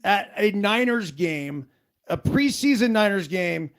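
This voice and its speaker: A man's voice: sits high, expressive, measured pace. A man hosting a casual interview, asking questions with eager enthusiasm. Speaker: host.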